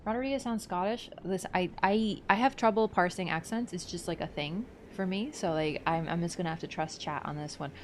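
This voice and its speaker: A woman's voice: lowish voice, a little fast, hardly any pauses, slight background noise. A woman streaming a game, talking casually through its lore, thinking aloud and answering her chat. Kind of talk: casual livestream lore commentary.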